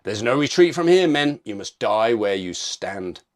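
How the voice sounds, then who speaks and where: A man's voice: lowish voice, sing-song, unhurried. A man quoting a blunt, stern army general. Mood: grim. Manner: blunt, clipped commands.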